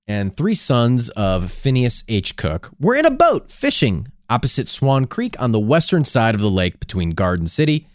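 Animated male podcast host, dry sound. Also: mid-range voice, no room sound. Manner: jokey, sarcastic asides. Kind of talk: casual storytelling chat.

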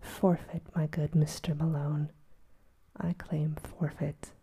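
A woman voicing a gruff, furious older male professor in a whispered role-play, growling and insulting. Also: low voice, flat delivery, slow, warm tone, exaggerated voice. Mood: raging.

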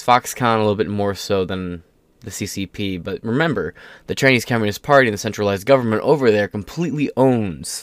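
A man with a lowish voice hosts a solo news-commentary show, rambling and sarcastic as he reads articles aloud. He stumbles over names and drops casual curse words. The sound is dry and close, with no room echo. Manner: stumbles while reading aloud. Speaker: political commentary host.

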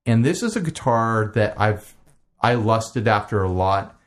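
A man's voice: fairly low pitch, animated, measured pace. A man co-hosting a casual podcast, chatting in a rambling, enthusiastic way and laughing easily. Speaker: podcast co-host. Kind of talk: casual chat.

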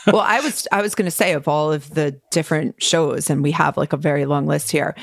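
An interview host with a gravelly, creaky voice asks playful, chatty questions. The sound is dry and close, with no room echo. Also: mid-range voice, steady tone, a little fast. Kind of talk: casual interview.

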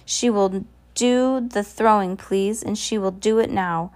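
A woman's voice: mid-range voice, takes it slowly, a little mellow, lightly acted. A woman reading aloud as a fake fortune teller who speaks grandly of herself in the third person.

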